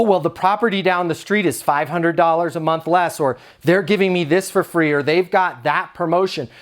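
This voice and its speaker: A man with a notably high-pitched voice coaches property managers, and he is punchy and emphatic throughout. He sounds to be in his thirties and often slips into quick acted-out exchanges to make his point. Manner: punchy, emphatic, acts out quick dialogue examples. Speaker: property leasing trainer. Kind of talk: energetic coaching talk to camera.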